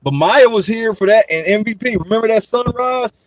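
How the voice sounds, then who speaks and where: A young man and podcast host telling stories in a casual chat, profane and animated, often breaking into laughter. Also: high-pitched, a little fast, no echo, rough recording.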